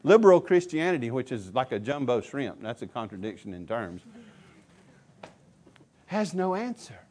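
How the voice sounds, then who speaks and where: A male pastor preaching a sermon, swinging between loud emphatic declarations and low quiet asides. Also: sing-song, normal speed.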